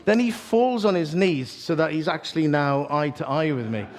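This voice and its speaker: A man preaching a storytelling sermon, animated and self-mocking, acting out the voices in his story. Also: fairly high pitch, normal speed. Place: church hall, live audience.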